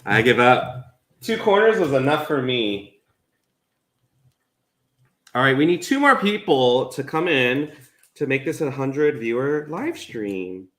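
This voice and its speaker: A man's voice: medium pitch, sing-song, slow, pauses often, fairly bright tone, roomy sound. A man co-hosting a live cooking stream, chatting casually and walking through each step as he cooks in a home kitchen. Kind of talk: casual chat while cooking.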